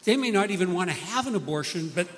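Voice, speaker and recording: A man's voice: sits high, animated, quick pace, fairly bright tone, big-room sound. A man preaching a sermon, telling stories earnestly and acting out the people he quotes.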